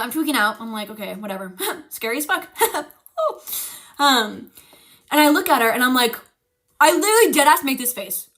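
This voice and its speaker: A young woman streamer casually telling a ghost story, animated and swearing, acting out the quotes. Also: fairly high pitch.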